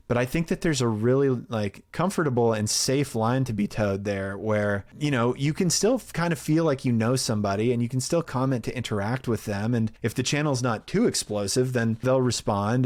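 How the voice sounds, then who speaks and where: A man with a mid-range voice chats casually through a stack of viewer questions. He is candid and relaxed, laughs easily and drops the odd swear. The sound is close and clean from a home studio mic in a treated room. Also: medium pitch. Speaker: YouTube narrator answering viewer questions. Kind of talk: casual chat.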